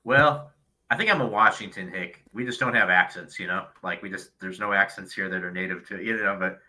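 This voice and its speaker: Male guest, easygoing; very deep pitch, sharp bright timbre. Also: brisk, rough recording. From Virginia. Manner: easygoing, laughs along, repeats words. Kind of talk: casual chat.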